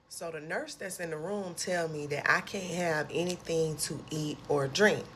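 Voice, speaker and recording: Her voice sits low, with a bit of background noise, as this young woman tells her own survival story for a laid-back storytime vlog. The retelling is lively and expressive, peppered with slang and dialect.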